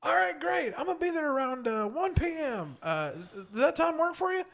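A man putting on a loud, obnoxious, overly chummy phone voice as a caller. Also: sing-song, moderate pace, exaggerated voice. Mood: brash cheer. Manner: brash, booming, overfriendly.

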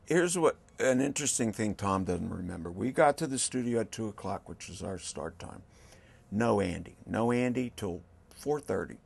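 A man's voice: on the low side, normal speed, gravelly, slightly rough. A man in his sixties, a rock guitarist, telling stories in an interview and acting out what others said. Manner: animated storyteller, acts out quotes. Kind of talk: storytelling interview.

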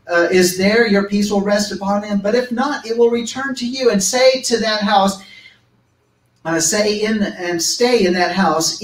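A man preaching a sermon at a church service, reading scripture aloud and breaking in with emphatic asides. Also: sits high. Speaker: pastor. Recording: echoey room, voice from a distance.

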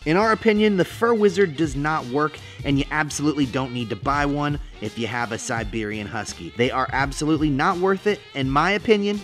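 A man's voice: on the high side, expressive, a little fast, few pauses, fairly bright tone, soft background music. A young man giving a goofy, playful pet-product review vlog, breaking into silly voices. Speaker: vlogger.

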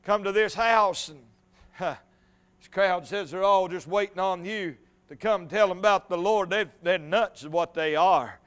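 A high, ringing male voice drives a revival sermon with fervor. He climbs into shouts at his peaks and falls back into a steady storytelling voice. His tone stays smooth and resonant throughout. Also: unhurried. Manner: impassioned, rising to shouts, quotes old scripture. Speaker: evangelist.

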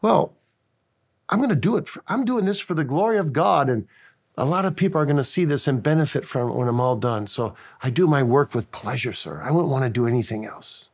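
A man's voice: medium pitch, fairly quick, close to an everyday voice. A man voicing a cheerful male stone worker proud of his craft, eager and polite. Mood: joyful.

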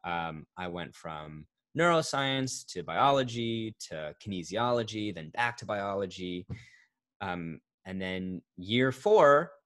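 A man in his thirties talking casually as an interview guest, rambling and correcting himself, getting animated when he tells a story. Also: sits low, takes it slowly. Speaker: voice actor guest. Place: home recording setup, remote interview.

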